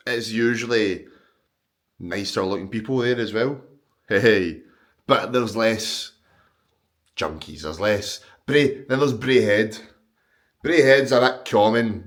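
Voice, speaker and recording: A man's voice: medium pitch, no echo. A man with a Glaswegian accent, rambling casually and swearing freely to camera as a fitness vlogger. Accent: Scottish, Glaswegian. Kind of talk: casual vlog chat to camera.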